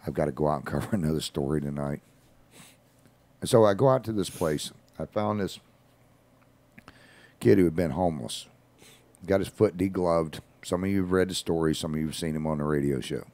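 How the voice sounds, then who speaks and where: A man's voice: sits low, a little fast, long pauses, warm tone, no room sound. A man, a regular on a radio show, telling rambling stories in casual talk with folksy asides.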